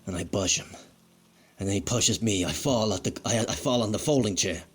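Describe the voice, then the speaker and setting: A man's voice: fairly low pitch, a little fast, husky. Man doing a foul-mouthed fired wrestler. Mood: bitter. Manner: foul-mouthed, rambling, self-pitying. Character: crude bitter fired male wrestler, middle-aged. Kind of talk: comedic monologue sketch.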